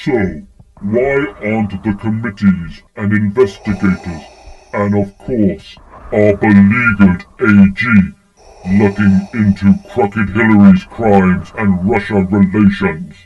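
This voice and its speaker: Booming, menacing dark-lord tyrant, slow and low, muffled dull sound. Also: male voice, slight background noise. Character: gruff Darth Vader-style parody of a male president.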